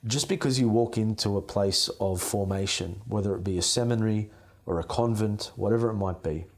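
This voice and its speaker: A young man, a seminarian, answering interview questions in an earnest, gentle way. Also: lowish voice, a little fast. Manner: earnest, gentle, repetitive phrasing.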